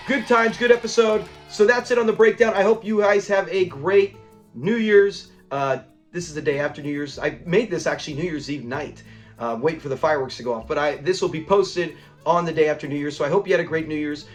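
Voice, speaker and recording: Host, male, high pitch, animated casual recap voice, faint music bed. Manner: animated retelling, acting out lines, laughing. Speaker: show review channel host.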